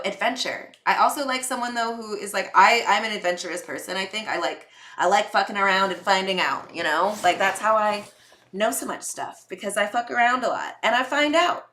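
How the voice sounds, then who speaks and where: A woman's voice: mid-range voice, bright, forceful tone, roomy sound. A young woman hosting a podcast, telling candid personal stories in a chatty way, full of fillers and acted-out quotes. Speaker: podcast host. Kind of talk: casual personal storytelling.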